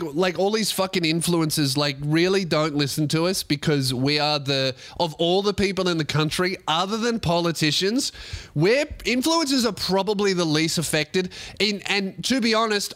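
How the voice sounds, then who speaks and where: A young man with an Australian accent and a notably high speaking voice, hosting a casual podcast. He rants sarcastically and swears freely as he talks. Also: a bit bright. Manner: profane, ranting, sarcastic. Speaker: podcast host and comedian.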